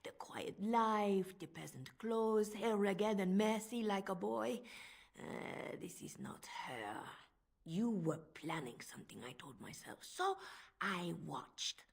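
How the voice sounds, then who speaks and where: French-accented spymistress, game voice, husky, gravelly, lively pitch, silky menace. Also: female voice, slow pace, exaggerated voice. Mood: scheming. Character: scheming woman spymistress, cold and manipulative. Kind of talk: video game voice acting.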